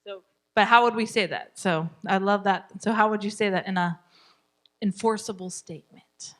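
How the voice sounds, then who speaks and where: A woman's voice: mid-range voice, moderate pace, a bit bright. A woman teaching a parenting class, encouraging her students and acting out what parents and children say.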